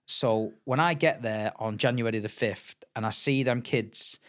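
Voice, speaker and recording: Animated Manchester man telling stories. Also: medium pitch, unhurried. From England. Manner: animated storyteller, acts out quotes, repeats words. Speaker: podcast guest. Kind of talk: casual chat.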